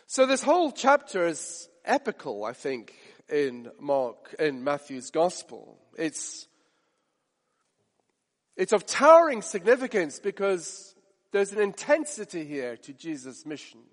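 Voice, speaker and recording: High-voiced man preaching in a reverberant hall. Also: sing-song, measured pace. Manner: emphatic, builds stakes with repetition and rhetorical questions. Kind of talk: sermon.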